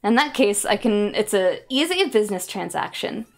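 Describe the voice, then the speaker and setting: A woman's voice: medium pitch, expressive, normal speed, soft background music. A young adult woman streaming casual chat, sarcastic and rambling, laughing between jokes. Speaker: VTuber streamer.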